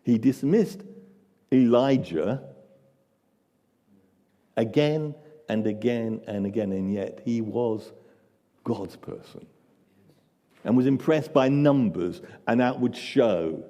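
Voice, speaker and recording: A man's voice: mid-range voice, slow, pauses often, warm tone, long reverb tail, highs cut off. A male pastor preaching a sermon with dramatic storytelling and dry humor, in a church.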